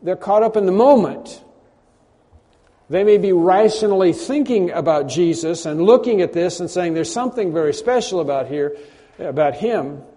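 A man preaching a conversational sermon, often clearing his throat and repeating words. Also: high-pitched, animated, moderate pace, mellow. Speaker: pastor. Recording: long hall reverb.

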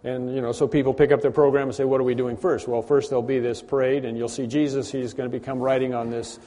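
Pastor preaching in a reverberant hall. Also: male voice, mid-range voice, flat delivery, fast, dark tone. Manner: conversational, repeats words, frequent throat clearing. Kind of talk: sermon.

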